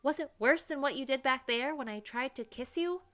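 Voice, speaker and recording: Woman as a brash young American woman, defensive and brisk; first-person game narration. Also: sits high, fairly bright tone, pitched above the performer's own voice.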